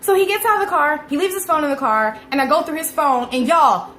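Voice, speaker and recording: Woman in her twenties, high voice, casual storytime vlog, animated and swearing, echoey room. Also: fast talker, slight background noise. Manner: animated, profane, addresses viewers as y'all. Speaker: vlogger.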